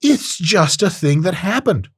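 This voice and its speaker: A man hosting a podcast, talking in a casual monologue, profane and animated, jumping into high-pitched voices. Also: unhurried, breathy edge, no echo, clean studio sound. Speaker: podcast host.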